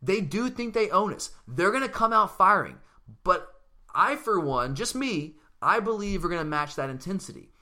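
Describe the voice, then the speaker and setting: Bright-voiced passionate young sports fan. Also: male voice, high voice, big pitch swings, moderate pace. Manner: passionate, earnest, stumbling restarts. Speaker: sports podcast co-host. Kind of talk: fan sports talk commentary.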